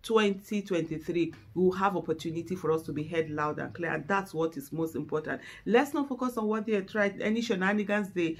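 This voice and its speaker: With a fairly low voice, this middle-aged Nigerian woman talks fairly quickly and barely pauses, her Nigerian accent clear. An activist addressing the camera, she is fervent and emotional, tearful and near breaking down, her passion building into exasperated outbursts.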